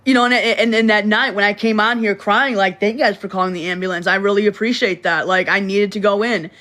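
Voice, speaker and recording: A woman's voice: mid-range voice, fairly even intonation, brisk, a bit bright. A young woman talking casually to her livestream viewers, rambling and restarting sentences, blunt and swearing freely. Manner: rambling, repeats words and restarts often.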